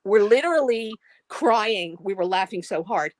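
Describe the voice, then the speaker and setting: A middle-aged woman telling a funny story over a video call, animated and laughing as she talks. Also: mid-range voice, a little slow, dry recording. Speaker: live stream caller.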